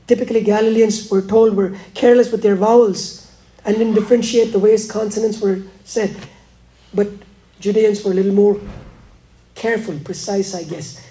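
A man preaching a sermon, dropping to hushed, slow lines and rising again for emphasis. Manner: preaching, swings between hushed lows and emphatic rises. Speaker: pastor.

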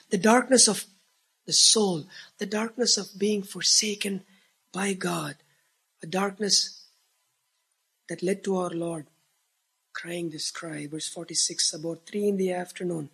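A man preaching a sermon as pastor, earnest, swelling to emphatic peaks and dropping to hushed tones. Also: sits high, breathy edge.

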